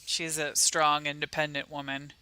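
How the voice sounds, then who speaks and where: A woman's voice: sits low, level tone, moderate pace, bright, forceful tone, smooth. A woman hosting a casual livestream, chatting and talking sweetly to her pets. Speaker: livestream host.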